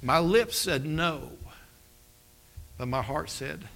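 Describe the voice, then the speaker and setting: A man preaching a sermon, telling his own story and acting out the dialogue, dropping to a hush at tense moments. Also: medium pitch, unhurried, vocal fry, pauses often. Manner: storytelling, acts out dialogue with dramatic drops to a hush. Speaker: pastor. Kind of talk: sermon with personal testimony.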